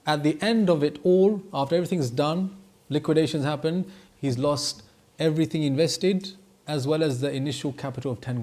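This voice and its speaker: A man teaching a class, stressing key words and slowing down to drive points home. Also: a little high, darkish tone. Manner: emphatic, stretches key words to stress them. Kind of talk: classroom lesson.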